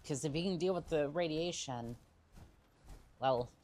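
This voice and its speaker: A woman streamer chatting to her viewers in a jokey, relaxed way as she plays through a game. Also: sits low, a little slow. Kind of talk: casual gameplay commentary.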